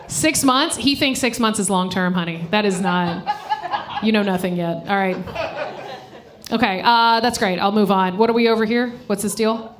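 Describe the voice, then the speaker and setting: A woman's voice: mid-range voice, animated, moderate pace, noisy background. A woman comedian doing a live stand-up set on a stage mic, brash and profane, teasing people in the audience. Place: live comedy show venue.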